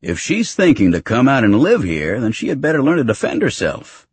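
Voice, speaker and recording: A man voicing a gruff, mischievous older farmer who loves to tease. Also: low-pitched, moderate pace. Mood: teasing. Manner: teasing, boisterous.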